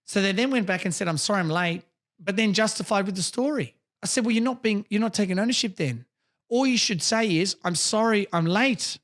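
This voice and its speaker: A high-pitched man co-hosts a podcast in relaxed conversation. He talks bluntly and with emphasis, swearing freely as he makes his point. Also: a little fast. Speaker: podcast co-host. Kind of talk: casual chat.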